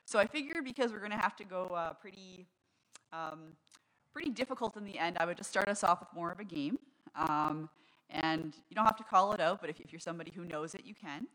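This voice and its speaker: Bright-voiced woman pastor, casual sermon. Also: lowish voice, lively intonation, rough recording. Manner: conversational, reads quotes aloud slowly and brightly. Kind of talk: casual sermon with a quiz game. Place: church service.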